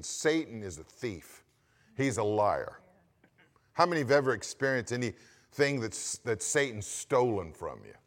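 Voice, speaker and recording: A man preaching a sermon as pastor, emphatic and asking the congregation questions as he goes. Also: mid-range voice.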